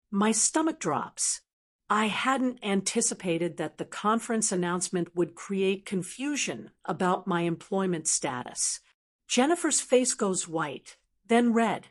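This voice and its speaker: A woman's voice: medium pitch, expressive, a little slow. Woman narrating a first-person story.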